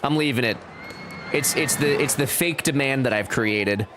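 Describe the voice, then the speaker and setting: A man's voice: medium pitch, moderate pace, crowd noise, noisy background. A man streaming a game live, chatting casually, joking around and reading out chat messages. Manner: jokey, animated, reads chat aloud.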